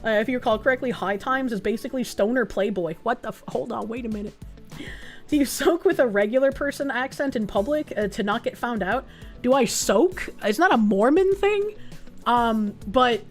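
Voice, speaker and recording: A woman from New England with a Boston-area accent, reading chat on her stream, swearing loudly and breaking into shrieking laughs. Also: animated, moderate pace, soft background music. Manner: loud, swearing, bursts into high laughing shrieks.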